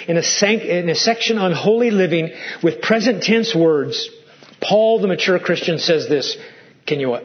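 A male pastor preaching a sermon with animated delivery, swinging from loud to hushed. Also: high voice. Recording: muffled lo-fi sermon recording.

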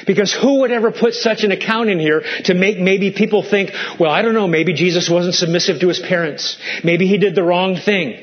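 A man's voice: sits high, fairly quick, few pauses, highs cut off. A male pastor preaching a sermon, asking the congregation pointed rhetorical questions and acting out quoted lines in a raised voice.

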